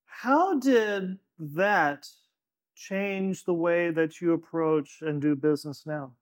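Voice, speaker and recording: Slow high-voiced male host. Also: no echo, clean studio sound. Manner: short prompts, brief agreements. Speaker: podcast host. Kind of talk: interview questions and backchannel.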